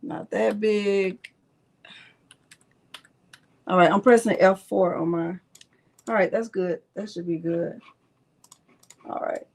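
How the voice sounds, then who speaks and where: A woman's voice: medium pitch, steady tone, slow, long pauses, a little mellow. A woman hosting a casual live crafting tutorial, chatting as she narrates each click and answers viewers in the chat, sometimes muttering to herself. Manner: talks to herself under her breath at times. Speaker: craft channel host.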